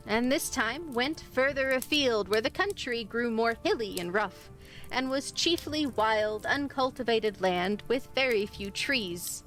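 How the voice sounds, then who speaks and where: A woman narrating a spooky old story on a live stream, giving the dialogue expressive life. Her voice sits a bit high. Soft music plays faintly in the background. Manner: expressive, lively voicing of dialogue.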